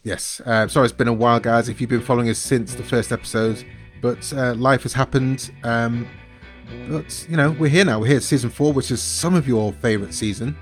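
A man's voice: mid-range voice, a little fast, soft background music. A man co-hosting a podcast, cheerful and rambling in casual chat. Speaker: podcast co-host.

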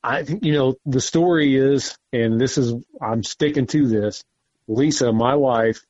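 A man's voice: medium pitch, unhurried, no room sound, muffled recording. Man telling a hunting story. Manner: animated, swears often, acts out quotes. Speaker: podcast guest, hunter. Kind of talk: casual storytelling.

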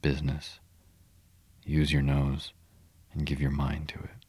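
A kindly male water rat from a storybook, hearty and a little commanding, as a man reads him aloud. The voice is extremely deep and steady, with a dry, close sound. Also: measured pace, husky, no echo, heavily acted.

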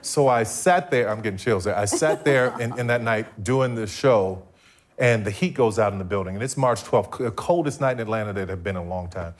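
A man's voice: on the low side, fairly quick. Middle-aged male guest telling a dramatic personal testimony with voiced-out dialogue. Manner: storytelling, acts out quoted dialogue. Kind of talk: personal testimony in a faith talk.

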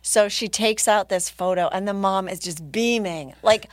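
A woman's voice: medium pitch, moderate pace, no echo. Woman in her 30s, comic guest, casual self-mocking storyteller, dry close mic. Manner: lively, laughing, self-mocking. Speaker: comedian guest.

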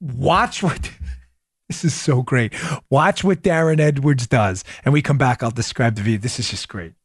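A man hosting a political commentary podcast, talking in an animated, emphatic way and hammering home key phrases. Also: medium pitch, moderate pace, husky, no room sound, clean studio sound. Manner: addresses listeners as "folks". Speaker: podcast host.

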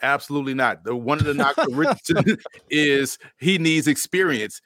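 A man's voice: a little high, sing-song, moderate pace, pushed and bright, no echo, clean studio sound. A man, a guest analyst, explaining his picks with confident, point-by-point reasoning. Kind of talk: casual sports analysis.

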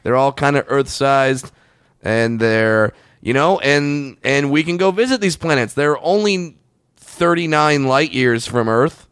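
Male podcast co-host, clean smooth voice, dry close sound, joking banter. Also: medium pitch, unhurried, a bit bright, no room sound. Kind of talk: casual comedy podcast chat.

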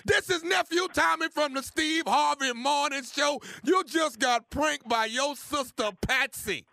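A man on a radio morning show doing a prank call, loud and excitable, his voice a bit strained. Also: very high-pitched, measured pace, creaky. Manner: loud and excitable, bursts into laughter. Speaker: radio comedian and prank caller.

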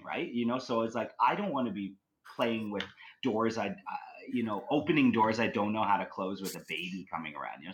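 A man's voice: lowish voice, low-quality recording. A man casually telling a long personal story in conversation, rambling with many fillers, restarts and "you know"s.

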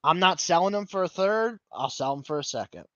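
Man, podcast co-host. Bright, loose casual chat, muffled lo-fi recording. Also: sits high, expressive, a little fast, no echo. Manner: rambling, thinks aloud with fillers. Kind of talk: casual fantasy football chat.

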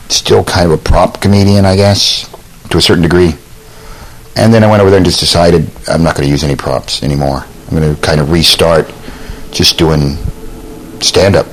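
A man's voice: deep voice, a little hiss or hum, rough recording. A man, a comedian guest, chatting in a dry, laid-back, matter-of-fact way. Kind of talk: casual interview chat.

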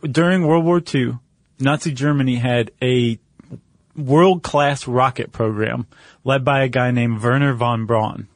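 A man's voice: mid-range voice, a little slow, no echo, studio quality. A man co-hosting a casual podcast chat, joking and loose, with plenty of fillers. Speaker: podcast co-host.

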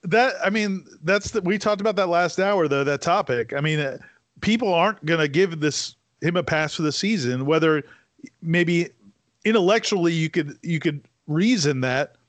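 A man's voice: fairly high pitch, animated, moderate pace, no echo. A man co-hosting a sports talk show, giving blunt, rambling analysis with frequent restarts.

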